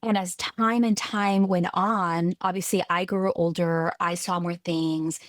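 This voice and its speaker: A woman from California, a guest on a podcast interview, telling her story earnestly and with lively restarts. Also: lowish voice, unhurried, no room sound, clean studio sound. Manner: earnest, lively retelling with restarts and quoted voices. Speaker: guest, tech executive.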